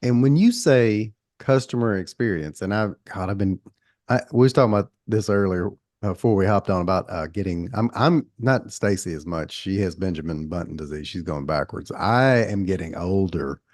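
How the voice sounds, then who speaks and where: Male host, middle-aged, Southern country accent, low voice, folksy rambling banter, dry close mic. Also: moderate pace, a little mellow, dry recording. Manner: rambling, folksy, self-deprecating. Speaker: podcast host. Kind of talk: conversational podcast interview.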